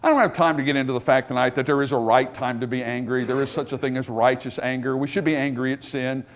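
A man preaching a sermon as a pastor at a church service, animated and full of joking asides. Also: mid-range voice, quick pace.

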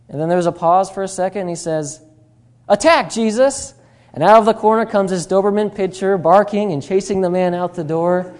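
A male preacher at an evening church service talks in a mellow, soft-toned voice. He rambles with lots of fillers and works humorous asides into his sermon. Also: high-pitched. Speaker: guest preacher.

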